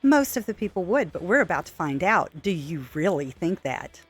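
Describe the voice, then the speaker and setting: A woman's voice: fairly low pitch, sing-song, normal speed, slightly rough, faint music behind. A woman hosting a commentary video, answering clips in a dry, sarcastic way. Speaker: commentary channel host.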